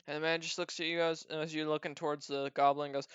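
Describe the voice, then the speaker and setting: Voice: mid-range voice, level tone, fast, hardly any pauses, fairly bright tone, smooth, no room sound, muffled recording. A game master narrating a tabletop game in a loose, hesitant way.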